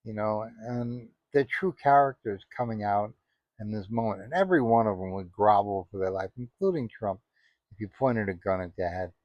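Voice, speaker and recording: A man's voice: on the low side, normal speed, no room sound. A man giving casual spoken commentary, rambling and indignant, full of "you know" asides. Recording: dry, dull lo-fi audio.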